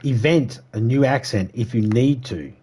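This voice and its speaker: A man's voice: medium pitch, normal speed, warm tone, slightly rough. A man live-streaming a survival game, rambling and cursing casually as he talks to viewers. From United States. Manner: rambling, profane, chatty monologue.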